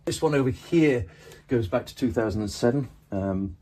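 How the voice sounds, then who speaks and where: A man in a comedy mockumentary talking earnestly and hesitantly about his work, with many pauses and ums. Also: mid-range voice, lively intonation, dark tone, husky. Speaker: radio programmer character in a mockumentary. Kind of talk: comedic deadpan interview.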